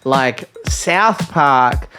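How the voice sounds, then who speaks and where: Relaxed man hosting a podcast. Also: medium pitch, drawn-out words, over music. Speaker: podcast co-host. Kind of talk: casual chat.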